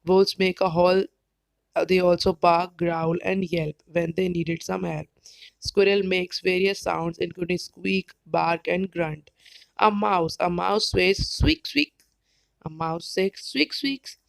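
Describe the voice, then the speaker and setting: A woman teacher with an Indian English accent, explaining slowly and carefully, sometimes spelling words out letter by letter. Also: fairly low pitch, little pitch movement, creaky, no echo, rough recording. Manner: careful, spells words out, brief animal imitations. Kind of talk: slow educational explanation.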